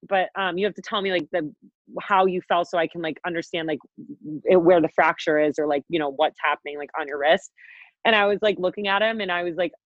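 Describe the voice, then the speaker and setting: A woman's voice: medium pitch, expressive, fast, fairly bright tone, no echo. Profane rambling young woman telling a story. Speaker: podcast co-host. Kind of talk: casual storytelling. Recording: dull, dry podcast audio.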